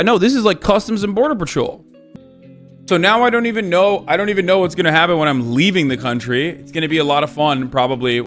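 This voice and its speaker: Animated man retelling a rant. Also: on the high side, quick pace, soft background music. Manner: animated, exasperated retelling with quoted exchanges. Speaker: livestreamer. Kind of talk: casual storytelling to chat.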